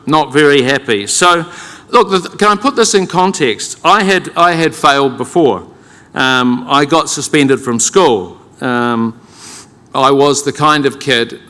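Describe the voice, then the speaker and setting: A man's voice: medium pitch, sharp tone. Wry New Zealand man in echoing hall. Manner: self-deprecating, wry, conversational with fillers. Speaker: keynote speaker. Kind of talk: humorous personal storytelling. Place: large conference hall with audience. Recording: long hall reverb.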